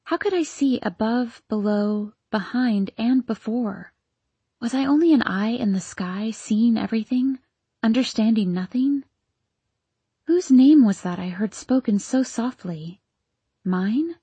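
A woman reads a first-person novel aloud, her voice breathy and husky at a middle pitch. The sound is dry and close, with no room behind her, and her delivery is hushed and anxious. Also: unhurried, dry recording. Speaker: audiobook narrator.

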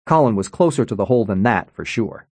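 Guy reading a novel aloud, storytelling voice, really animated, dead dry recording. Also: on the low side, quick pace, breathy edge, no room sound. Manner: expressive storytelling. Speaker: audiobook narrator. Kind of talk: scripted narration.

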